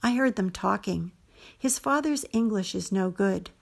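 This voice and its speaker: A woman's voice: medium pitch, a little slow, gravelly. A woman voicing an earnest, eager young boy in a story she reads aloud.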